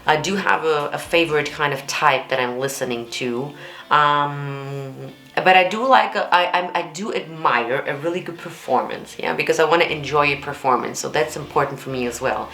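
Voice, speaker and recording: A woman's voice: deep voice, expressive, moderate pace, a bit bright. A woman vocal coach, chatting enthusiastically as she reacts to a performance. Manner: enthusiastic, chatty, repeats words often. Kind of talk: reaction commentary. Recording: echoey room with faint music.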